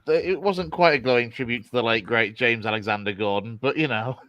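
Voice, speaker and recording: A man's voice: medium pitch, a bit bright, no room sound, dull audio. A man with a Yorkshire accent co-hosting a football show, talking over results with many fillers. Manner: halting, many fillers and restarts. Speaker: co-host pundit. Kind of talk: casual football chat.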